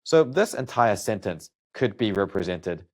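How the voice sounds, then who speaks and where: Low-voiced man coaching study notes. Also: sing-song, unhurried, a little mellow. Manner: casual, thinking aloud with fillers.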